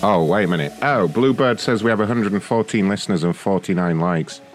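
A man's voice: fairly low pitch, brisk, soft background music. A man hosting a prank call show, mocking and swearing at callers. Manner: sneering, profane, mocking. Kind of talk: abusive prank call banter.

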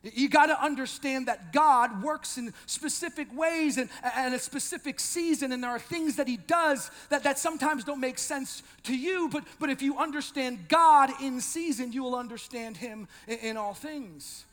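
A male pastor preaching an animated sermon, swinging from loud shouting to quiet intensity, with joking asides to the congregation. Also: very high-pitched, moderate pace, few pauses, long reverb tail.

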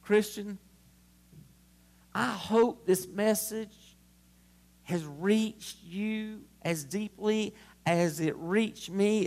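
A male pastor preaching a sermon to his congregation at a church service, impassioned and swelling to shouts. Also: high-pitched, gravelly.

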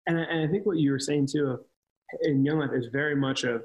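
A man's voice: a little high, fairly quick, darkish tone, poor audio. A man talking casually on a podcast, telling earnest stories about ministry with frequent restarts. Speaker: ministry leader.

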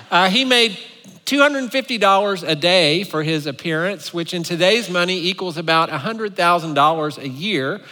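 A man preaching a sermon as pastor, a playful, animated storyteller speaking to his congregation in a church. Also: high-pitched, long reverb tail.

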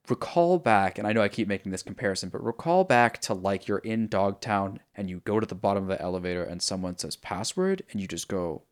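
A man co-hosting a podcast, retelling a video game story in a rambling, profane way with lots of fillers. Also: fairly low pitch. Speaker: podcast co-host. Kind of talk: casual chat about a video game.

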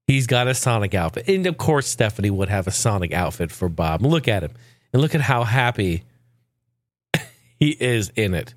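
A man's voice: mid-range voice, sing-song, moderate pace, dry recording. A man hosting a podcast in casual chat, rambling loosely, swearing freely and chuckling often. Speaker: podcast host.

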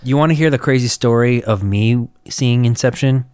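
A man in casual chat, telling stories in an animated, profane way. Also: mid-range voice, moderate pace, smooth, no echo.

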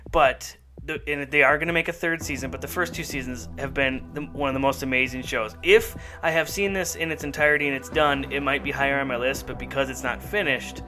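A man hosts a casual talk show, rambling happily with plenty of ums and restarts. Music plays clearly behind his voice, which sits at an ordinary pitch. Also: fairly even intonation, fairly quick, hardly any pauses. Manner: rambling, enthusiastic, lots of fillers. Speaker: podcast host. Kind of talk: casual chat.

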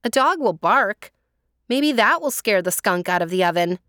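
An eager young farm daughter, pitched high, as a woman storyteller plays her. She sounds keen and quick to offer an idea. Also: animated, a bit bright, no echo, clean studio sound, natural voice. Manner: eager suggesting.

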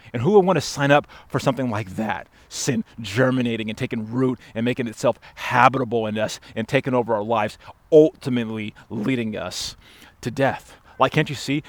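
A man's voice: medium pitch, no echo. Impassioned preacher man, dry close sound. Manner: impassioned, swinging between loud urging and hushed asides; repetitive, emphatic phrasing addressing the congregation directly. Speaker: pastor. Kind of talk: sermon.

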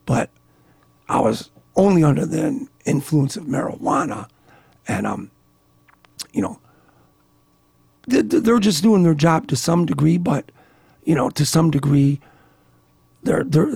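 A man of around sixty, a guest and author, telling a story in a casual, animated way, often laughing and restarting his words. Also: on the high side, creaky, breathy edge, dry recording.

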